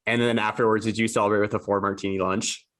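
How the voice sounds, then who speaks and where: Relaxed male podcast host, lowish voice. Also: quick pace. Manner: relaxed, laughs along, short reactions. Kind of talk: casual interview chat.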